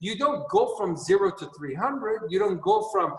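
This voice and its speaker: A man's voice: high voice, expressive, normal speed, far from the mic. Earnest man in an echoey room. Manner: earnest, repetitive, laughs at his own jokes. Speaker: company chairman. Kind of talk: motivational talk on a video call. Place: training room. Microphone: video call.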